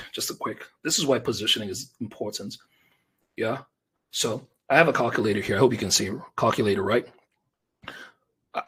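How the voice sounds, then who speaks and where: Male business coach, lower voice, very husky, fired-up and chatty webinar host. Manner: energetic, conversational, talks directly to viewers with slang like bro and fam. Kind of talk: live webinar pitch.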